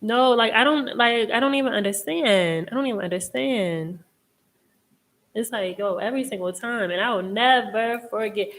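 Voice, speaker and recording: A woman's voice: on the high side, normal speed, few pauses, fairly bright tone. A woman hosting a live tarot chat, talking casually in a rambling way, laughing often and swearing freely. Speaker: host and tarot reader.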